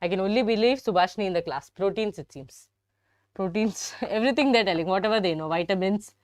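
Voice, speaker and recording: A woman's voice: mid-range voice, expressive, quick pace, no room sound, studio quality. Chatty Indian woman teaching biology. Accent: Indian English. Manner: chatty, teasing, addresses students often. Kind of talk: live online biology lesson.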